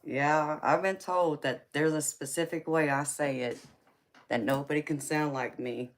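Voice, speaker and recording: A woman's voice: sits low, fairly even intonation, unhurried. A woman with a Southern drawl hosts a live tarot stream and chats with her viewers. She teases them, laughs often and calls them honey and baby. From California. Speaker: livestream tarot reader host. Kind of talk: casual live-chat banter with viewers.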